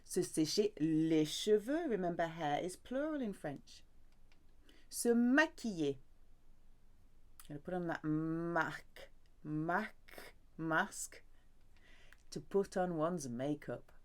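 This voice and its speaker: A woman with a low-set voice that swoops up and down as she teaches. She explains step by step in a playful, sing-song manner and drops in little jokes and cheery exclamations along the way. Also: lively intonation, takes it slowly, darkish tone. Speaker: French teacher. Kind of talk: online language lesson.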